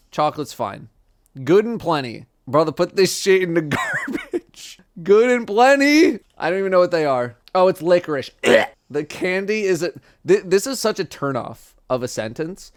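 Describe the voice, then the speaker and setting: A man streaming casual chat, blunt and profane, dropping to flat mumbles and jumping to loud outbursts. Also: fairly high pitch.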